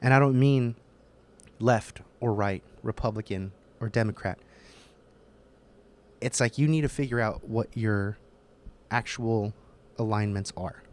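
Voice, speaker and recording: Young male podcast host, solo rant, sweary and emphatic, mid-range voice. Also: mid-range voice. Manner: profane, heated, emphatic. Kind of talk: casual ranting monologue.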